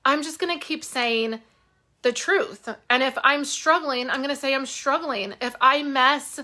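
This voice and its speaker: A woman hosting a craft live stream from home on a phone, talking candidly and warmly with viewers, with plenty of fillers. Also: high voice, unhurried. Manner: candid, heartfelt, rambling with fillers. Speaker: craft channel host. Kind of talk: casual live-stream chat.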